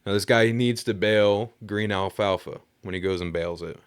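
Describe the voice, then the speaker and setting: A man's voice: fairly low pitch, a little fast, clean tone, no room sound, studio quality. A young man telling a story in a laid-back, rambling way, with lots of fillers and casual swearing. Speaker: podcast storyteller.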